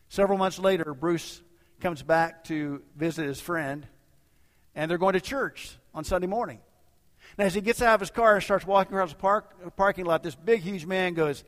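A man preaching a sermon as a lively storyteller, acting out the dialogue of the people in his story. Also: on the high side. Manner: animated storyteller acting out dialogue in quick asides. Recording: long reverb of a large hall.

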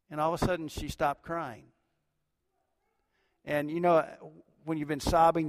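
A middle-aged man preaching a sermon as a pastor, swinging between loud emphatic lines and hushed low ones. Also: fairly even intonation, unhurried. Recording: long hall reverb.

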